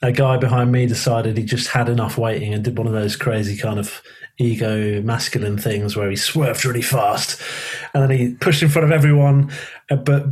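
Man, Southern English accent, hint of Liverpool, husky, chatty, casual swearing. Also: medium pitch, steady tone, moderate pace, a little mellow. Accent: Southern English with slight Liverpool traces. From England, born in Liverpool, raised in London. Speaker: guest musician. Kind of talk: casual conversation.

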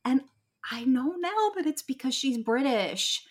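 A woman's voice: high voice, lively intonation, unhurried. An American woman co-hosting a podcast in a casual chat, emphatic and gushing, restarting her sentences often. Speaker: podcast co-host.

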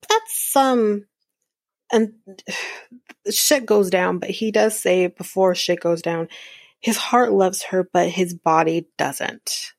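Woman podcast host, rambling casual recap, husky fry, no room sound. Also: mid-range voice, dry recording, clean studio sound. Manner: chatty, rambling, many fillers and asides.

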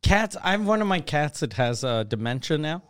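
Man with a smooth, clear voice riffing jokes. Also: a little high, big pitch swings, brisk, dry recording, studio quality. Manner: laid-back, riffing jokes and funny asides. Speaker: podcast co-host. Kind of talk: casual comedic chat.

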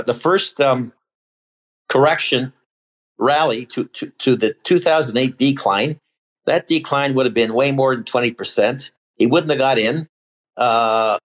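Rambling older man picking apart stock charts. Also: medium pitch. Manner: rambling, full of fillers and restarts. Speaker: podcast guest, former institutional equity salesman. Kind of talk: casual chat analysing stock charts.

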